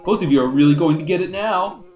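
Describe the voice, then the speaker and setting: A man's voice: a little high, quick pace, darkish tone, highs cut off, soft background music, pitched above the performer's own voice, natural voice. A man voicing a stern, scolding mother in a game with a put-on folksy accent. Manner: scolding, exasperated.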